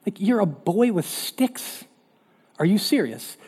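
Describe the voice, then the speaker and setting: A scoffing, incredulous giant warrior, put on by a male preacher mid-sermon. The voice is husky and mellow, and it trails off into a long hall reverb. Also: sits high, big pitch swings, takes it slowly, full character voice.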